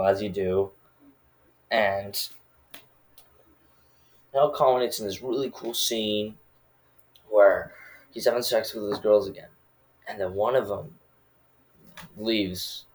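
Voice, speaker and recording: A man's voice: on the low side, fairly bright tone. A man casually recapping a movie, rambling and full of filler words.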